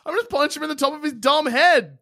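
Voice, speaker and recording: A man's voice: very high-pitched, fast, bright, forceful tone. A man co-hosting a podcast, teasing and arguing in casual chat with frequent laughter. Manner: teasing, argumentative, laughs often. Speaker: podcast co-host.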